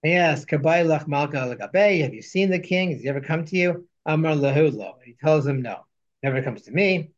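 A man's voice: a little high, expressive, brisk, few pauses, muffled recording. A man teaching a class, reading Hebrew and Aramaic quotes aloud and translating each line as he goes. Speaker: Torah teacher. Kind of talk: text study lesson.

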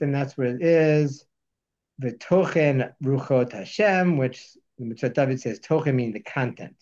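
A man teaching a text study lesson, reading Hebrew verses slowly and then explaining them. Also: mid-range voice, darkish tone, lo-fi sound. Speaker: Torah teacher.

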